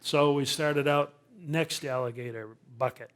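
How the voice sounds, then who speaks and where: An older man, a naturalist speaker, telling a humorous story to a live audience with lively sound effects and self-deprecating asides. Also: on the high side, measured pace.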